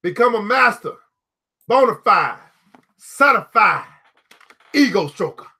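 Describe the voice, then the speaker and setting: A man's voice: sits high, sing-song, slow, bright, forceful tone, breathy edge. A man hosting a book club, reading aloud to a live audience and riffing on it with emphatic, playful repetition. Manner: emphatic and playful, repeating key phrases.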